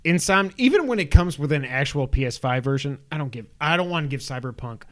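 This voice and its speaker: A young man co-hosting a casual gaming podcast, running through news items with quick asides. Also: a little high, expressive, fairly bright tone, no echo.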